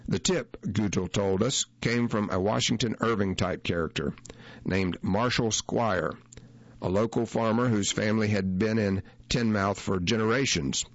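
Low-voiced man reading a story. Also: normal speed, no room sound, lo-fi sound. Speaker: narrator. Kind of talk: first-person reading of a magazine feature.

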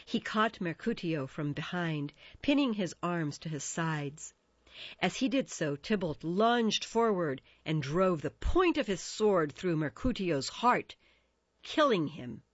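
Woman storyteller, low-ish voice, slow and lively in pitch, dull dry recording. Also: dry recording. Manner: expressive, measured. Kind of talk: storybook narration.

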